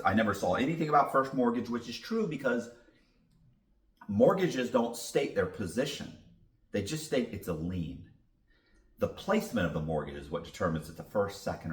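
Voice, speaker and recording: A man tells a long story as a podcast guest in a casual, blunt way, swearing freely. His voice sits low, but his pitch swings widely as he talks. The room around him rings with a clear echo. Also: a little mellow, distant mic. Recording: roomy echo.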